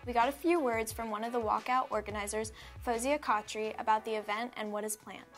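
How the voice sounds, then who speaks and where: A woman's voice: a little high, steady tone, brisk, fairly bright tone, faint music behind. Upbeat young woman news anchor. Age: teens. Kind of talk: scripted news reading.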